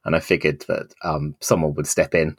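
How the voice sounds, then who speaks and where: A man's voice: rumbling low, little pitch movement, moderate pace, slightly rough, dry recording. A man in his forties co-hosting a casual podcast, telling a long anecdote in a dry, wry way. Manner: dry, wry anecdotes, acts out quoted voices loudly. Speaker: podcast co-host. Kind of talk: casual chat, storytelling.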